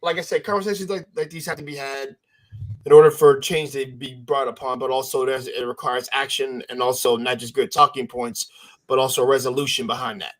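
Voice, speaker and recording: A man's voice: mid-range voice, little pitch movement, brisk, a bit bright. A man on a podcast panel speaking bluntly and profanely, rambling through his points. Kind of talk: casual panel chat.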